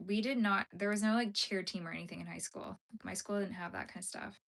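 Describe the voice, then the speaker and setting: Young woman, live-stream host, easygoing chat while crocheting, mid-range voice, answers viewers, trails off into soft asides. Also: mid-range voice, fairly even intonation, fast talker, gravelly. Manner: chatty, answers viewer comments as she works.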